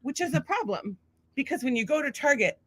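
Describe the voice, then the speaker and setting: A middle-aged woman co-hosts a casual chat with a bouncy, lively voice that sits a little high. She rambles and giggles through crude jokes. The sound is dry and close. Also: a little fast, no echo. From Boston area. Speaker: podcast co-host.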